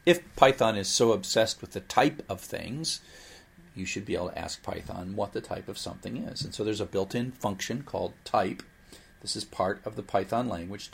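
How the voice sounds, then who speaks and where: A man teaching programming in a recorded lecture, explaining in a lively way with playful asides. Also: on the low side, moderate pace, vocal fry, slightly rough. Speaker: programming instructor.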